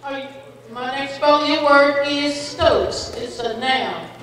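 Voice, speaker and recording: Her voice sits high and fairly bright, slow in pace, with slight background noise, captured at a distance in an echoey hall. Running a spelling bee, she patiently gives each word, its definition and an example sentence, encouraging spellers in a friendly way.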